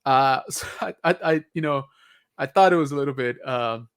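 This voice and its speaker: A man's voice: medium pitch, normal speed, fairly bright tone, smooth. A man co-hosting a casual podcast review, talking in a rambling way with many fillers and restarts. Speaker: podcast co-host. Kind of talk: casual chat.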